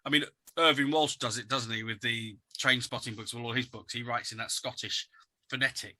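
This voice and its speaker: A man's voice: mid-range voice, fairly even intonation, brisk, sharp tone. A man co-hosting a podcast, talking in a chatty, opinionated way with frequent restarts. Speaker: podcast co-host. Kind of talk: casual chat.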